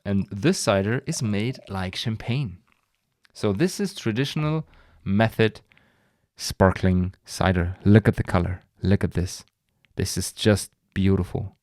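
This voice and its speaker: Low-voiced man chatting enthusiastically. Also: a little slow, a little mellow, dry recording, studio quality. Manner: enthusiastic, rambling, frequent restarts and sighs. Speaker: podcast host. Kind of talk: casual solo wine podcast.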